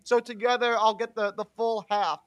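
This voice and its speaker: A man's voice: sits high, level tone, moderate pace, dry recording, lo-fi sound. A young man co-hosting a podcast, rambling and giggly with lots of fillers. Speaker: podcast co-host. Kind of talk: casual chat.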